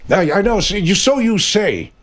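A man's voice: sits high, sing-song, moderate pace, pitched above the performer's own voice. A man voicing a fawning, bumbling sidekick who defers with "yes, ma'am" and blunders through his words. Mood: deferential. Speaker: radio show sidekick. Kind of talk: comedy radio character.

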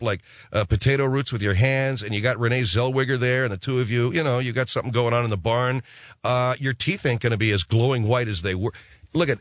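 A man's voice: mid-range voice, fairly bright tone, dry recording. A middle-aged man telling a profane, sarcastic, rambling comic story. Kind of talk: ranting comic monologue.

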